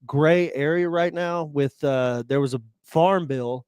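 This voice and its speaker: Rambling man, slightly high voice, dry sound. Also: a little mellow, smooth, no echo. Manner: rambling, halting restarts. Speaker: podcast co-host. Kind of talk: casual chat.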